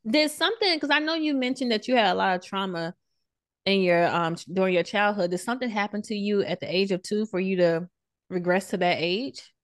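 A woman host asks curious questions in a teasing, laughing way. Her voice is mid-pitched and sounds close and dry, with no room around it. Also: fairly quick, no room sound. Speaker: podcast host. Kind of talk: casual interview chat.

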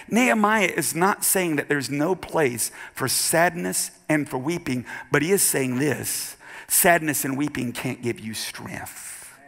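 A male pastor preaching a sermon in a church, building from quiet emphasis to shouted, half-sung refrains. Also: mid-range voice, creaky. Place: church sanctuary with keyboard accompaniment. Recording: live church service with music behind. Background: keyboard music.

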